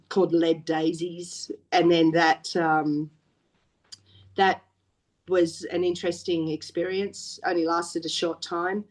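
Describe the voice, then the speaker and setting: A middle-aged woman from Wales with an Australian accent, a guest in an interview, rambles chattily through stories with frequent restarts and laughs. Her voice is on the low side and a little mellow, in a casual storytelling chat.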